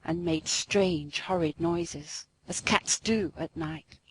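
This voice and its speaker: A woman narrating a classic storybook aloud in an expressive, sing-song way. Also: low voice, slow pace, husky, no echo, poor audio.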